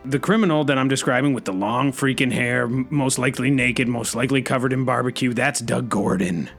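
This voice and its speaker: Male comedy host, gravelly, anxious rambler. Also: medium pitch, a little fast, fairly bright tone, soft background music. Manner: anxious, rambling, says freaking constantly. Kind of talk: improvised comedy bit.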